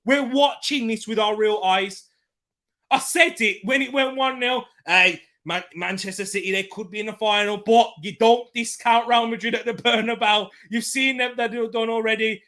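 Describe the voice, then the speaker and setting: A man hosting a live football watchalong, reacting with excitable shouting commentary while hoarse from losing his voice. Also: sits high.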